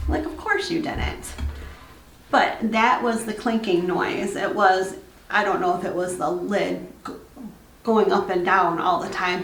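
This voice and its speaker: A young woman telling her own haunted hotel experience in a casual, animated way, acting out what she and her husband said and laughing now and then. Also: mid-range voice, vocal fry, roomy sound, far from the mic, a little hiss or hum. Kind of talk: casual storytelling.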